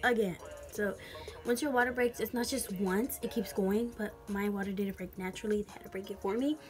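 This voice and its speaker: A woman's voice: mid-range voice, fairly even intonation, fairly quick, soft background music. A young woman telling a story frankly and casually, full of slang and swearing. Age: young adult. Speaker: vlogger.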